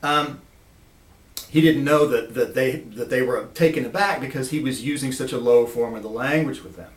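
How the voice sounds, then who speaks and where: A man telling a personal story in a lively, animated way, recorded from a distance in an echoey room. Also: medium pitch, normal speed. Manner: animated, lively, acts out voices.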